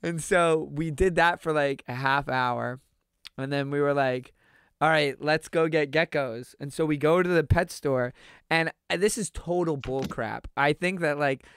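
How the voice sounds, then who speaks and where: Animated young man telling a story, crisp voice. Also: a little high, normal speed, no echo, clean studio sound. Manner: animated, full of "like", acts out quotes and laughs while telling. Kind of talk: casual storytelling with a friend.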